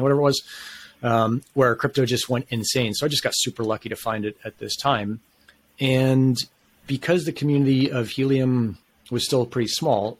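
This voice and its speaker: A man's voice: mid-range voice, a little hiss or hum. A man talking as a podcast guest, telling a long story in a casual, enthusiastic, rambling way with plenty of slang.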